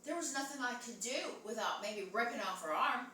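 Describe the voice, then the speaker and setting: A woman's voice: on the high side, brisk, bright, forceful tone, a little hiss or hum. A woman playing a brash, crude talk-show host in an improvised comedy sketch, rambling and tacking "okay?" onto nearly every phrase. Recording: very echoey room, mic far off.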